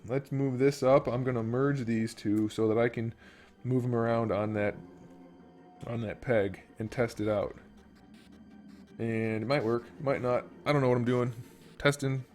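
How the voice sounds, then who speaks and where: A man's voice: mid-range voice, fairly even intonation, measured pace, a little mellow, faint music behind. A man hosting a casual modeling tutorial, rambling and thinking aloud while he works. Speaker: YouTube host and 3D modeler.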